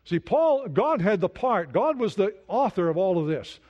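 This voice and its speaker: Earnest preacher man, slightly high voice. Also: very animated, normal speed. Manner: earnest, drops to a soft hush on prayers. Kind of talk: sermon. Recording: dull lo-fi sound.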